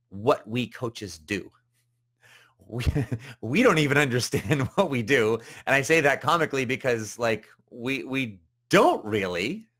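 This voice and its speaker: A male coach hosts a live show and talks in a loose, rambling way, restarting his sentences and filling the gaps with "you know." His voice sits at a middling pitch. When he quotes other people, he jumps up higher and louder. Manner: chatty and rambling, with many fillers and restarts. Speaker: business coach and show host. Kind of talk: casual live-show monologue.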